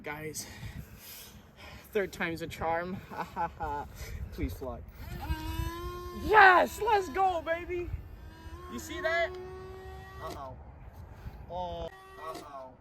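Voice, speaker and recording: A man joking his way through a hobby vlog, playful, excitable and self-mocking. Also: a little high, far from the mic, background noise. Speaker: vlogger. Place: outdoors and in a workshop.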